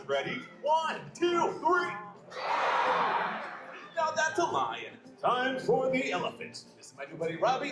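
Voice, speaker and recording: A man hosting a live theme park pre-show, theatrical and upbeat as he warms up the crowd. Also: very high-pitched, reverberant. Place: outdoor theme park stage.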